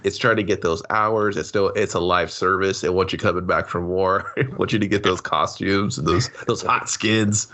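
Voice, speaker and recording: A young man co-hosting a movie podcast, rambling and swearing as he acts out scenes in quick voices. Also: sits low, fairly even intonation, pushed and bright. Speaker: podcast co-host. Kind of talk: casual movie review chat.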